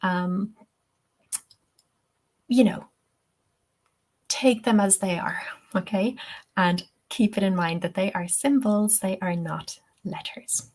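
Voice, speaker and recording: An Irish woman leads a webinar lesson at a very unhurried pace, laying out each point patiently. She keeps checking in with her listeners as she goes. Her voice sits at an ordinary, middle pitch. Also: darkish tone. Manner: patient, explains step by step, checks in with "okay?". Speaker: TEFL teacher.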